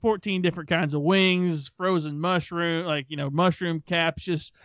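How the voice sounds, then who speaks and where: A man in his thirties with a somewhat high voice rambles through a story, circling back with restarts and fillers. The sound is dry and close, with no room echo. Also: fairly even intonation, normal speed, a bit bright. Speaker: podcast co-host. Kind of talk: casual chat, storytelling.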